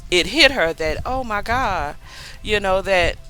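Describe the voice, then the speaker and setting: Woman, bright tone, casual episode recap, chatty asides, soft music underneath. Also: mid-range voice, expressive, unhurried, clear, resonant tone, low-quality recording. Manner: chatty retelling with many fillers and asides. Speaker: TV recap vlogger.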